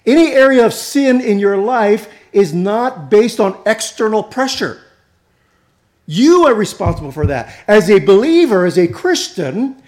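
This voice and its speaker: A man with a fairly high voice preaches in an easy, conversational way, tossing in jokes and asides to the congregation. When he drives a point home his voice climbs and presses harder. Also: a little mellow. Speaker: pastor. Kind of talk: sermon.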